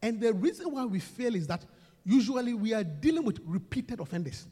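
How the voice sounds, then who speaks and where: Casting note: male pastor, high lively voice, call-and-response sermon, long church-hall reverb. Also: fairly quick, breathy edge. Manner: call-and-response preaching, swings from soft to shouting.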